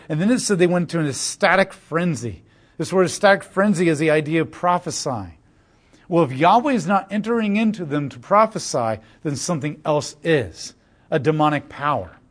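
A man preaching an expository sermon, retelling the story with animated, sarcastic asides and rhetorical questions. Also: high voice. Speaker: pastor.

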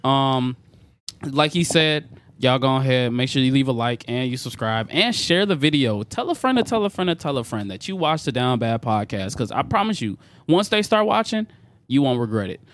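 A man's voice: mid-range voice, sing-song, moderate pace. A young man hosting a podcast, talking casually and leaning on fillers. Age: young adult. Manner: laid-back, many fillers, laughs along. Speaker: podcast host. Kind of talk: casual group chat.

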